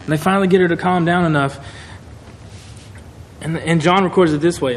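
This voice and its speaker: A man preaching a sermon in a conversational, animated way, acting out quotes. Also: fairly high pitch, fairly quick, long pauses. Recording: echoey hall, faint noise.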